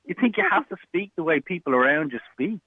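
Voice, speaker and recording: A man's voice: a little high, sing-song, brisk, no echo. A man calling in to a radio show, blunt and mocking as he argues. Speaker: caller. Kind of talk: heated radio phone-in argument. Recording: tinny phone line.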